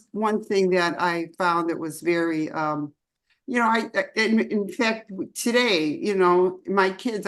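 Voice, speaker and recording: A woman's voice: mid-range voice, fairly bright tone. An older woman, a longtime disciple, telling personal stories in a chatty, meandering way and laughing often at a spiritual celebration. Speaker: longtime disciple sharing memories.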